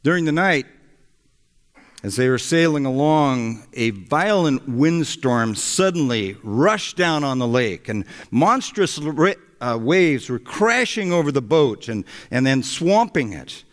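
Slow, expressive male preacher in a hall. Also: mid-range voice. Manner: slow, storytelling delivery. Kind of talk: sermon. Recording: echoey hall.

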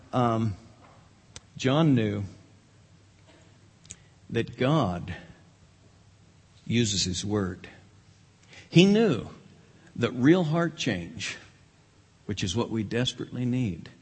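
A man's voice: medium pitch, a little mellow, breathy edge. A man, a pastor, preaching a sermon in a church, emphatic and dramatic when he quotes others. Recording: long hall reverb.

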